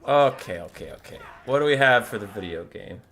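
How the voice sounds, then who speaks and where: A man's voice: lowish voice, lively intonation, a little fast, gravelly, a bit bright, slight background noise. A young man who says he feels sick, chatting casually with viewers while he sets up a strategy game, rambling and cooing over pet photos. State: sick, stuffy. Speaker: streamer. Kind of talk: casual gameplay chat with viewers.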